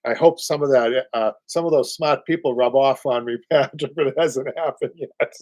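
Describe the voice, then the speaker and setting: A man's voice: medium pitch, moderate pace, a little mellow, dry recording. A man in his late fifties with a Boston accent, hosting a live upholstery show in a rambling, chatty way full of fillers and little chuckles. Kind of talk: casual live-stream chat.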